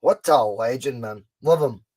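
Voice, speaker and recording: A young Scottish man hosting a live fan watchalong, chatting casually, reacting excitedly to the match and answering viewers' comments. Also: mid-range voice, unhurried. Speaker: podcast host doing a live fan watchalong.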